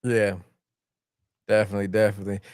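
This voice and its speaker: A man hosting a casual wrestling podcast, laid-back, giving shout-outs and moving through segments. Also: lowish voice, little pitch movement, quick pace, no room sound, clean studio sound. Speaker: podcast host.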